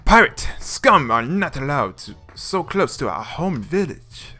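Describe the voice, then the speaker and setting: A man voicing a male ninja warrior who speaks slowly in stilted, formal phrases. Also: a little high, very animated, sharp tone, soft background music, pitched above the performer's own voice, heavily acted. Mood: stern formal. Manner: slow, stilted, formal speech.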